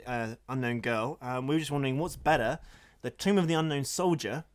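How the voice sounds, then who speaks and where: Guy co-hosting, deadpan, polite, halting, smooth clear voice, mid pitch. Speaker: podcast co-host. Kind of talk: deadpan mock interview.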